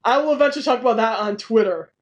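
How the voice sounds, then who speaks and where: Chatty woman podcast host, high voice. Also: racing, lo-fi sound. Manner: animated, laughs often, info-heavy. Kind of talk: casual podcast chat.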